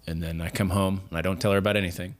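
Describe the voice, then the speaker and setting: A man's voice: sits low, level tone, rapid-fire. A man who served in the army, speaking candidly and confessionally as a podcast guest. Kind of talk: casual conversation.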